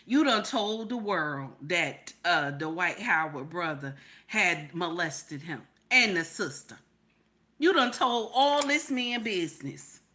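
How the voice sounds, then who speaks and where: A woman's voice: lowish voice, animated, slow pace, bright, forceful tone. A woman hosting a livestream, reacting to a story in heated commentary, repeating her questions and swearing freely.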